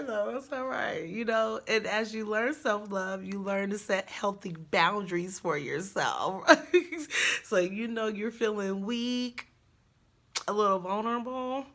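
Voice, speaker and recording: A woman's voice: medium pitch, creaky, fairly bright tone. A young woman telling a personal story in a casual, frank, chatty way, laughing often. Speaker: storyteller vlogger.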